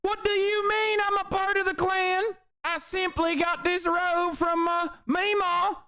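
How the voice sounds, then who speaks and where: A man putting on a panicked, high-pitched man frantically protesting his innocence. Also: little pitch movement, unhurried, sharp tone, full character voice. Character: panicked man denying he's in a hate group.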